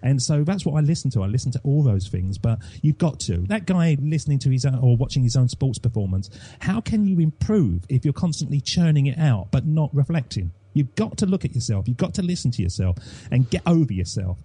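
A man's voice: mid-range voice, big pitch swings, fairly quick, warm tone, slightly rough, no room sound. A man from England, a podcast host, chatting in an interview with enthusiastic, emphatic storytelling. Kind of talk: casual interview chat.

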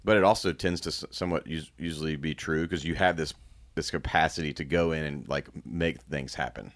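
A man in his thirties talking candidly as a guest, reflective and halting, with frequent restarts. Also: a bass voice, a bit bright. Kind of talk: candid personal conversation.

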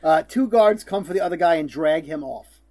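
A man's voice: a little high, animated, normal speed. A man co-hosting a casual podcast, recapping a TV episode in a chatty way and acting out lines. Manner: chatty, acts out quotes with loud bursts. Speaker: podcast co-host.

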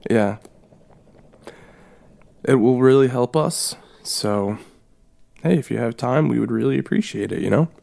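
A man co-hosting a casual comedy podcast, rambling with deadpan, self-deprecating sarcasm. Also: medium pitch, a little slow, vocal fry, pauses often. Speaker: podcast co-host.

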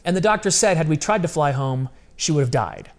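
A man's voice: fairly high pitch, animated, brisk. A man talking as an interview guest, telling personal stories in an emphatic, casual, slang-heavy way. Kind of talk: candid personal storytelling.

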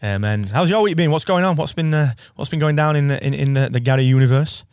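A man in his thirties co-hosting a podcast, excitable and laughing easily, his voice sometimes cracking upward, on a studio mic. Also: on the high side, quick pace, clean tone, no room sound. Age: 30s. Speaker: podcast co-host. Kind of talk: casual podcast chat.

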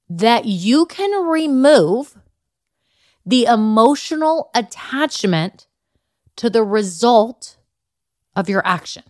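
A woman's voice: mid-range voice, no room sound, studio quality. A woman hosting a solo business podcast, chatty and upbeat, who calls her own way of talking old-school Valley girl and keeps checking in with the listener. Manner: chatty, upbeat, talks straight to the listener with "okay" and "right". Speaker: podcast host and business coach.

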